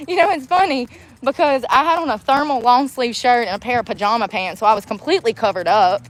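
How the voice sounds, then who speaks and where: A woman's voice: a little high, a little fast. Blunt, ranting woman vlogger outdoors. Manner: blunt, ranting, laughs often. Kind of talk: casual vlog rant. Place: outdoors in the woods.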